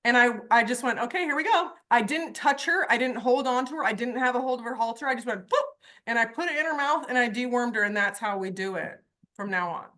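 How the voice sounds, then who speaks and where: Upbeat woman horse coach on a video call, bright tone, voice set a bit high, acts out stories. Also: fast. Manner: lively storyteller, acts out voices. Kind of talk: online group coaching call.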